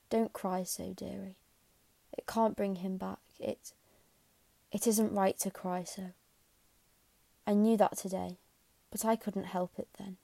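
A woman voicing a stern older spinster who speaks softly and haltingly, with a flat, mellow voice. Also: mid-range voice, creaky, dry recording. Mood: consoling.

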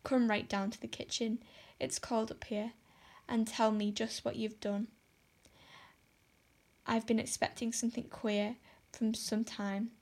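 A woman reading an audiobook gives voice to a stern, sharp-tongued middle-aged guardian. She scolds briskly in a fairly high, flat voice, with a dry edge of sarcasm. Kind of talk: audiobook character voice.

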